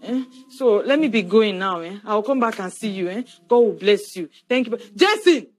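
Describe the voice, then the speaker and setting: A woman plays a frightened young parent, apologizing and pleading in a stammering rush. Her voice sits at an ordinary middle pitch, in a film drama scene. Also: animated, normal speed, lightly acted. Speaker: parent leaving child with grandmother.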